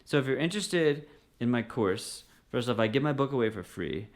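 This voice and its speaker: A man at a middle pitch gives a casual singing lesson straight to camera. He talks in an easy, encouraging way and slips short sung phrases in among his explanations. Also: expressive, fairly quick. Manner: encouraging, conversational, often sings short phrases. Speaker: music teacher.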